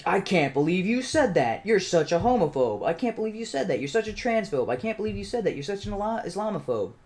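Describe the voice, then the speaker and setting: A man's voice: high voice, big pitch swings, fast talker, a little mellow, pitched above the performer's own voice. A man putting on the voice of an outraged, offended critic in a mocking, sing-song tone.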